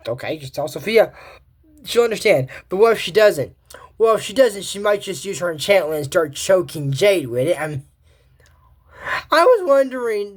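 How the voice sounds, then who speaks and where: A young adult giving casual, rambling commentary on a cartoon episode, full of asides and restarts. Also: medium pitch.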